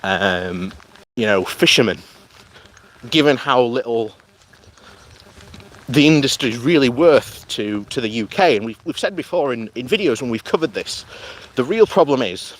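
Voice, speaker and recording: A man with an animated, medium-pitched voice and a moderate pace films himself on a handheld camera during a morning walk outdoors. As a political vlogger, he rambles through casual commentary, frequently laughing mid-sentence.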